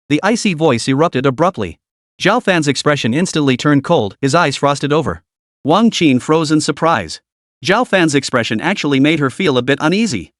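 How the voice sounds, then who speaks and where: Brief: male recap narrator, higher register, lively pitch, dry booth-like sound. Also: moderate pace, dry recording.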